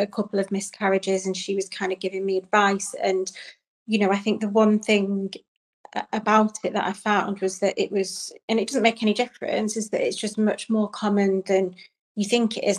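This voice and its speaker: Soft-spoken woman, flat and halting. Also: medium pitch. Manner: soft, halting, with many ums and restarts. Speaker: interview guest. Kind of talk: personal storytelling in an interview.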